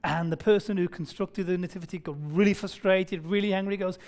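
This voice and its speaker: A man preaching a sermon in a relaxed, conversational way, often restarting and repeating words. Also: sits high, fairly quick, hardly any pauses. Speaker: pastor.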